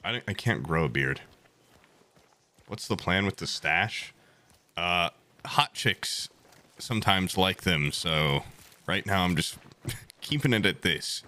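A young man streaming a game, chatting casually and telling stories with animated, exaggerated high voices. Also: takes it slowly, long pauses. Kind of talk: casual gaming chat.

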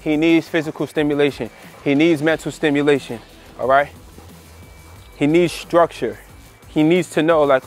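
A man with a slightly higher than average voice explains dog training in a loose, conversational way, circling back over his points and checking in with "all right?" He breaks off now and then to give his dog short commands. Faint music plays underneath. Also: fairly even intonation, moderate pace, pauses often. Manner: conversational, repeats phrases, frequent "all right" and "you know". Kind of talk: casual instructional talk to camera.

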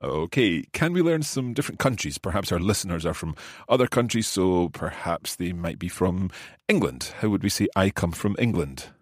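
Deep Scottish man, husky and lively. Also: no room sound, clean studio sound. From Scotland. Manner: repeats phrases slowly and carefully, laughs easily. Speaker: podcast host and language learner. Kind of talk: conversational language lesson.

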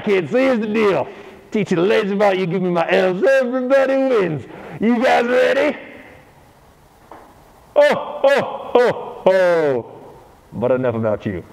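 A man's voice: high voice, gravelly, a little mellow, heavily acted, low-quality recording. A man playing a lazy, scheming old Santa Claus who talks about himself in the third person, hammy and jokey. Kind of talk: comedic costumed role-play.

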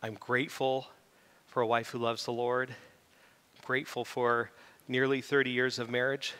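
Animated middle-aged male preacher, bright. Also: mid-range voice, a little slow, smooth. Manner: animated preaching, rising to loud emphatic peaks. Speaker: pastor. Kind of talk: sermon. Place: church sanctuary. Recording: reverberant church hall.

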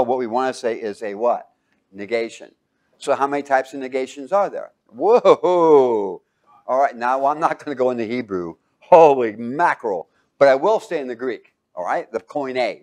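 A man's voice: medium pitch, darkish tone. A man teaching a Bible class, quizzing his students with fill-in questions and breaking into sudden exclamations.

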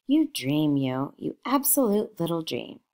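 A woman's voice: low voice, very animated, unhurried, warm tone, exaggerated voice. A woman reading a novel aloud, voicing a glamorous young woman who croons in a sing-song manner. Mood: doting.

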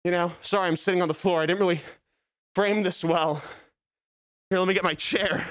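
A man's voice: sits high, steady tone, a little fast, fairly bright tone, a little hiss or hum. A young adult man streaming live, talking to his chat in a rambling, joking, self-mocking way while out of breath. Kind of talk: casual livestream chat.

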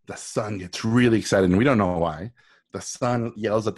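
A man with a somewhat low voice tells a story as a guest speaker. He delivers it with animated energy, slipping into the voices of his characters as he goes. He is heard over a video call. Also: normal speed. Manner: animated storyteller acting out quoted lines. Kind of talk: storytelling talk.

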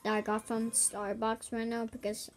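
A woman's voice: on the high side, completely flat delivery, normal speed, over music. A woman giving casual gameplay commentary, hesitant and giggly, with lots of ums. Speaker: gamer.

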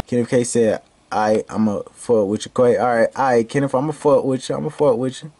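A man's voice: mid-range voice, steady tone, a little fast, few pauses, dark tone, soft background music. A man vlogging with friends and reading out live-stream comments, joking and laughing with profane banter. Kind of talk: casual chat with friends.

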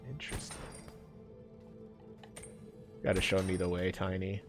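A man streaming a game live, bantering with his chat, laughing often and getting loud and defensive when teased. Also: low voice, completely flat delivery, unhurried, soft background music.

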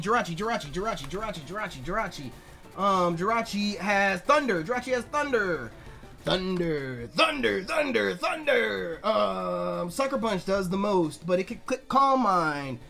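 Guy swearing thru a game run, sharp bright voice going hoarse, shouts then mutters numbers. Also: high-pitched. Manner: swings between yelling and muttering calculations; swears a lot. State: voice strained from yelling. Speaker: gaming YouTuber. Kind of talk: let's play commentary.

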